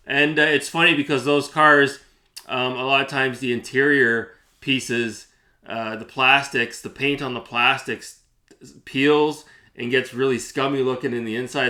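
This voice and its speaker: A man's voice: medium pitch, sharp tone. A man hosting his own channel, telling a story to camera in a chatty way, with many fillers and restarts. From Canada. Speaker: gaming channel host.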